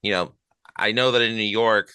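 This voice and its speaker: A man's voice: on the low side, fairly even intonation, moderate pace, pushed and bright, clean tone, no echo. A middle-aged man hosting a casual podcast interview, rambling with fillers and restarts. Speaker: podcast host.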